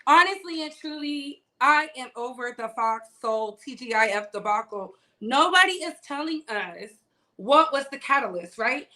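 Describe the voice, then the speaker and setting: Bright high-voiced sassy streaming woman. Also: animated, normal speed. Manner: chatty, greets viewers by name, sassy asides. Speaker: host of a live-streamed gossip show. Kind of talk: casual live-stream chat.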